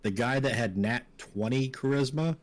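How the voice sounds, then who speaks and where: A man's voice: medium pitch, normal speed. Playful man joking at a game table. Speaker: player. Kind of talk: casual tabletop play.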